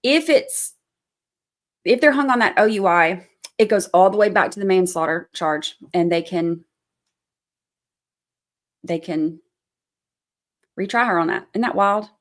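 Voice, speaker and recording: A woman's voice: mid-range voice, a little slow, pauses often. Woman, thirties, livestream host, casual chat, firm and chatty. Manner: firm scolding then chatty explaining. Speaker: livestream host giving trial commentary.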